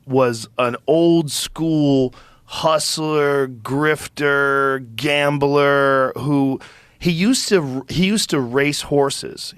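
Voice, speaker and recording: A middle-aged man hosting a podcast, telling an animated, profanity-laced story in casual conversation into a close studio microphone. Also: mid-range voice, smooth, no room sound. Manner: animated, profane, acts out quotes. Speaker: podcast host.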